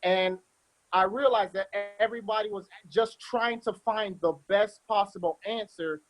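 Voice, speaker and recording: A man with a high voice gives thanks on a church convention panel. He laughs easily and pokes fun at himself, and talks in a loose, conversational way. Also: moderate pace, faint music behind, poor audio. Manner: laughing, self-deprecating. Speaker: convention committee member.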